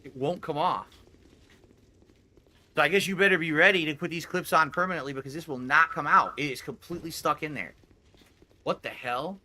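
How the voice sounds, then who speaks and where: Bright-voiced man chatting on a stream. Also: a little high, fairly quick, pauses often. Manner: chatty, thinking aloud while working with his hands. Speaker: livestreamer. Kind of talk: casual live-stream chat. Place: home room with foam soundproofing on the wall.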